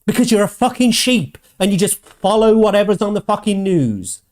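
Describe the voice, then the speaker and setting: A man hosting his own show, ranting angrily with constant swearing and mocking quotes in a higher voice. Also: lively intonation, normal speed, a little mellow. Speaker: host. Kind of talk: ranting commentary.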